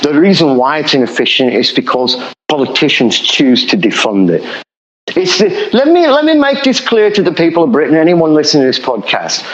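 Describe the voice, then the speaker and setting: A man's voice: on the high side, very animated, brisk, roomy sound, a little hiss or hum. A man speaking as an economist guest on a podcast, explaining passionately and repeating points for emphasis. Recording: dull lo-fi audio.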